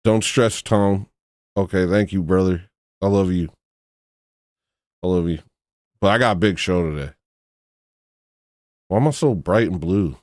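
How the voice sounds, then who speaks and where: A man's voice: low voice, a little slow, pauses often, a little mellow, no echo, clean studio sound. A man hosting a casual livestream, rambling and joking at his own expense while thanking viewers. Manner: rambling, self-deprecating, goofy. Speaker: livestream host.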